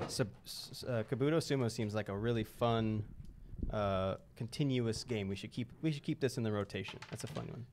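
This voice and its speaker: A man's voice: lowish voice, fairly quick, a little mellow, slight background noise. A man chatting on a live stream, joking and complaining about his own bad luck. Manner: joking, self-deprecating complaining. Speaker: game store stream co-host. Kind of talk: casual live-stream banter.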